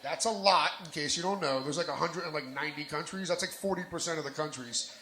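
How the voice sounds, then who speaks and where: With a brisk, bright, and forceful voice on the high side, a New Jersey stand-up comedian works a bar lounge stage live. His set is brash and profane as he works the crowd into his punchlines, with crowd noise echoing in the roomy bar.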